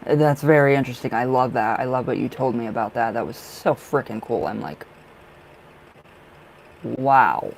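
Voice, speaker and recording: A man reading tarot on a live stream, chatting in a relaxed, effusive way and greeting viewers as they arrive. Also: mid-range voice, a little fast, gravelly, few pauses, a little hiss or hum, poor audio. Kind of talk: casual live-stream chat.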